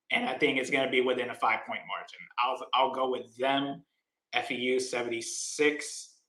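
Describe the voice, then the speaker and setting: Man, sports podcast co-host, hesitant, little laughs, bright voice. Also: mid-range voice, echoey room, rough recording. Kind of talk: casual sports podcast chat.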